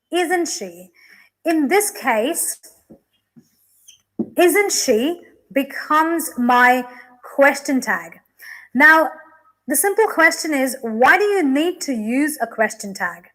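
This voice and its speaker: A young woman teacher explains English grammar in a classroom lesson, often saying "okay" and "you know." Her voice is high with a sharp tone, and the recording is low quality.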